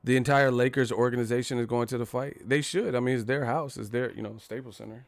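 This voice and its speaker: A man's voice: medium pitch, steady tone, fast, no echo. Laid-back, profane male streamer. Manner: laid-back, profane, reads viewer messages. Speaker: boxing live-stream host. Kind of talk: casual live-stream chat.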